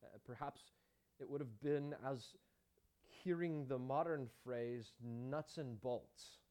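A man's voice: medium pitch, slow, warm tone. A man preaching a sermon as pastor, emphatic, with rhetorical questions and chatty asides to the congregation.

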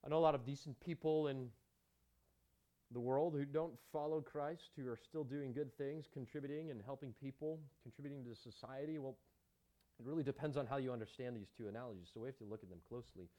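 A man's voice: mid-range voice, brisk, warm tone. A man preaching a sermon as pastor, emphatic, with rhetorical questions and chatty asides to the congregation.

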